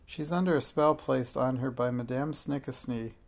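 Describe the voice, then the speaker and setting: A man's voice: medium pitch, fairly even intonation, vocal fry, natural voice. A man reading a storybook aloud and voicing a vain, touchy tiny female fairy in a thin, piping voice. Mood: smug, boastful. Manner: boastful and preening, quick to take offence.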